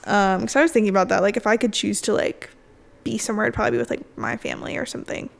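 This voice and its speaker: A woman's voice: medium pitch, very animated, racing, vocal fry. A woman in her twenties co-hosting a podcast, chatting casually and jokily with frequent swearing. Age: 20s. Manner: playful, swears freely, jokey. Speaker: podcast co-host. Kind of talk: casual chat.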